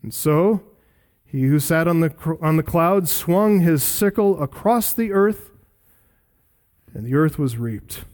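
A male preacher delivering a sermon, emphatic, rising for stress and dropping low for weight. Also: animated, takes it slowly. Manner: emphatic, swinging between loud rises and low drops.

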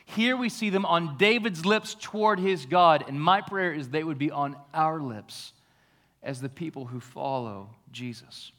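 A pastor preaching a sermon, shifting between hushed, slow reflection and raised, emphatic passages. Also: male voice, fairly high pitch. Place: church.

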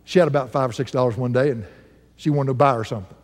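An older man preaching a sermon, swinging from rising, fervent calls to hushed, slow storytelling. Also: big-room sound. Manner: animated preaching, swinging from high shouts to low hushed storytelling.

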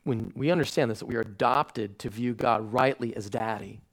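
A man, a pastor preaching a sermon to a congregation, acting out family stories with lively swings and falling soft and hushed when he turns reflective. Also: mid-range voice, normal speed. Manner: animated storytelling, acting out his own shouting at bedtime. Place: church stage before a congregation.

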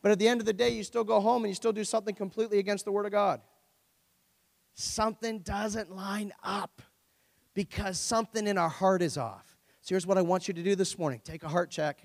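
A man's voice: sits high, fairly even intonation, brisk, creaky. A middle-aged man preaching a sermon as pastor, conversational and joking, full of rhetorical questions. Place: church. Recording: long church hall reverb.

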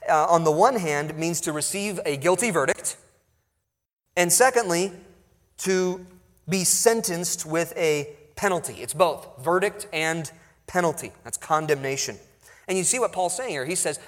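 A man preaching an expository sermon, pausing for emphasis as he reads and explains scripture. His voice sits a little high for a man, and it carries a long reverb, as if recorded in a large hall. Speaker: pastor.

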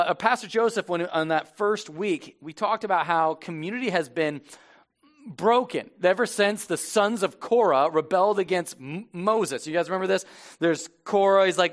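A high-pitched middle-aged man delivers a sermon as lead pastor. He preaches casually and with animation, talking directly to the congregation in the church. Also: a bit bright. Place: church sanctuary.

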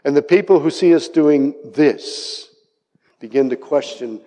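A man preaches from the pulpit with a slightly high voice, acting out each quoted speaker before sinking into soft asides. His words ring with a long reverb from a large church hall. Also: unhurried. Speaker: pastor. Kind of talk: sermon.

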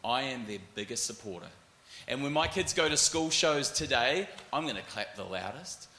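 A man in his forties with a New Zealand accent, telling animated stories as a panelist and acting out other people's voices. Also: medium pitch, moderate pace, roomy sound, slight background noise. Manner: animated, acts out voices in anecdotes. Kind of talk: storytelling panel talk.

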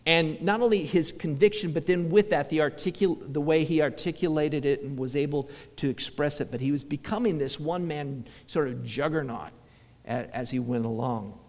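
A man's voice: on the high side, moderate pace. Man preaching in a reverberant hall. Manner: conversational preaching, acts out quoted voices, frequent restarts. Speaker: pastor. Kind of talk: sermon.

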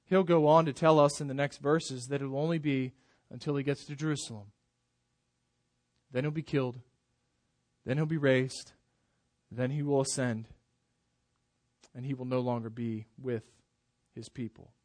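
A pastor preaching a sermon, pressing hard on key words and then dropping to a near hush. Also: male voice, medium pitch, steady tone, normal speed, long pauses, no echo. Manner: emphatic preaching, swells loud then drops soft.

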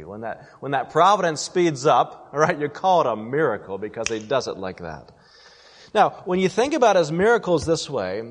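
Emphatic male preacher in a reverberant hall. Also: a little high. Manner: emphatic preaching with dramatic slowdowns and rhetorical questions. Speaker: pastor. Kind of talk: sermon. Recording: long reverb of a large hall.

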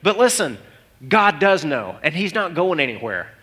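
Man, thirties, pastor, sermon, animated storytelling, bright forceful voice, fairly high pitch. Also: moderate pace.

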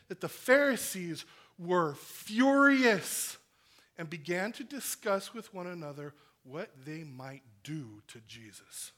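A man preaching a sermon in an earnest style, rising to loud emphasis and dropping to hushed, near-whispered lines. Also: high voice. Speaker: pastor.

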